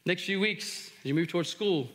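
A man preaching a sermon as pastor, telling stories animatedly and shouting out re-enactments. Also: high voice, normal speed. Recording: long hall reverb.

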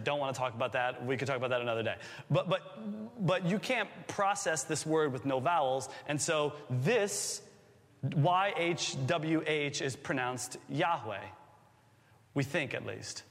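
A man's voice: fairly high pitch, fairly bright tone. A man preaching a sermon, playful and teacherly, who asks his listeners questions and jokes with them. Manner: playful, quizzes the audience with jokes. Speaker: pastor. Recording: long hall reverb.

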